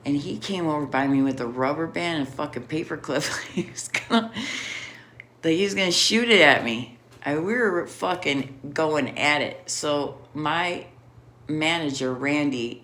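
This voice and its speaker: A woman's voice: low-pitched, fairly bright tone. A middle-aged woman telling a rambling personal story in a casual, profane way, laughing often. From Chicago area.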